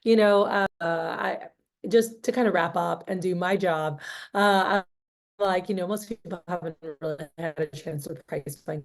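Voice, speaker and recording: A woman's voice: on the low side, moderate pace. A young woman training sales reps, telling stories and acting out both sides of the conversations. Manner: animated storytelling, acting out both sides of dialogues. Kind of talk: motivational sales training talk.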